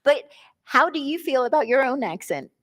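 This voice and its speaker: A woman who grew up in England hosting a live podcast conversation, talking quickly and laughing often. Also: high-pitched, big pitch swings, fairly bright tone. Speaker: podcast host.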